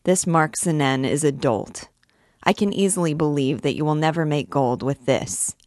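A woman's voice: deep voice, lively intonation, moderate pace, a little mellow, dry recording, studio quality. A woman voicing a scornful, brooding male archdeacon, a priest, in a clipped way.

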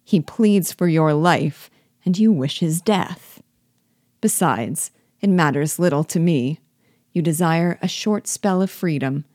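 Brief: woman reading a low-voiced, obsequious yet scheming male rebel chief; audiobook, dry mic. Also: takes it slowly, a little mellow, no room sound. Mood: sardonic. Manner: sly, falsely frank, obsequious.

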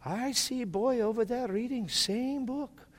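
Brief: man putting on frail man around ninety, halting speech, hushed delivery, echoey hall. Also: very high-pitched, voice pushed up. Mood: curious. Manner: halting broken English, quiet and clipped. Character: frail, soft-spoken Korean man of about ninety.

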